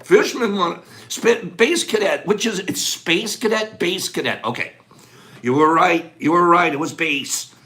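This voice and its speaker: A man hosting a casual live chat, calling out items rapidly in a playful, animated way and joking with viewers indoors. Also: high voice. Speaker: livestream host.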